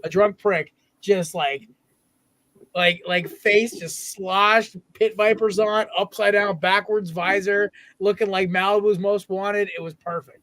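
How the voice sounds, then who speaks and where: Young male co-host, high voice, dry close sound, lively storyteller. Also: unhurried, dry recording. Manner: animated storyteller. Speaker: podcast co-host. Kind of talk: casual sports podcast banter.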